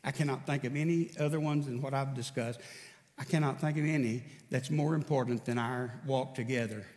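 A man's voice: mid-range voice, fairly even intonation, a little fast, a little mellow, in a large hall. A male pastor preaching a sermon, telling stories and acting out bits of dialogue. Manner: storytelling preacher, acts out dialogue with raised voice. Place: church sanctuary.

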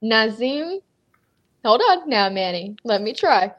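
Female podcast host, slightly high voice, joking and casual with loose swearing. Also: very animated, slow, fairly bright tone, highs cut off. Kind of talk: casual chat.

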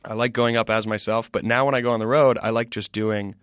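Lively storytelling man, dry studio sound. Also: fairly low pitch, clean tone, no room sound. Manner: animated, quick storytelling with laughs. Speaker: stand-up comedian guest. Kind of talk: casual interview chat.

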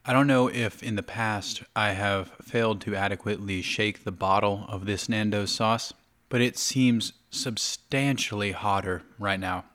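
A man's voice: fairly low pitch, steady tone, measured pace, a bit bright. A man chatting casually to camera for his video blog, talking between bites of food. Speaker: video blogger.

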